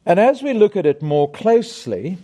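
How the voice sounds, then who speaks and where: A middle-aged man preaching a sermon, emphatic and deliberate, putting rhetorical questions to his congregation. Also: sits high, big pitch swings, mellow.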